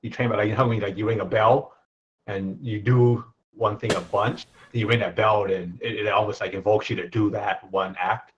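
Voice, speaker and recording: An easygoing podcast co-host with a low voice who laughs often. His audio sounds dull, with a faint hiss underneath. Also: fairly even intonation, normal speed. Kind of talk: casual podcast chat.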